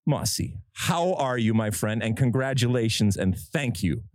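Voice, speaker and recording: A man hosts a podcast from a studio set, and his voice rides up and down with lots of expression. He talks in an emphatic, animated way. His pitch sits in the middle, and the room sounds dry and close. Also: moderate pace, dry recording. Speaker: podcast host.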